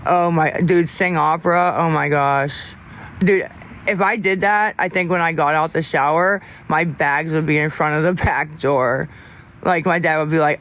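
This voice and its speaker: Guy rambling to his chat on a live stream, kinda high voice, stops and restarts a lot. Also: steady tone, fairly bright tone, a little hiss or hum. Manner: rambling and halting, lots of restarts, candid. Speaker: livestreamer talking to viewers. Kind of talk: casual livestream chat.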